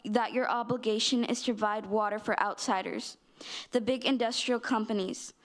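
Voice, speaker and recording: A woman speaks during the public comment period at a city council meeting. Her voice is fairly high, and her delivery is earnest and measured, with a note of disappointment. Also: fairly even intonation.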